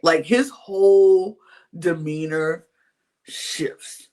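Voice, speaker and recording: A man with a slightly raised pitch tells reality-show gossip as a podcast co-host. He talks in an animated, chatty way and drops into casual slang. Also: very slow. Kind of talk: casual reality-TV recap chat.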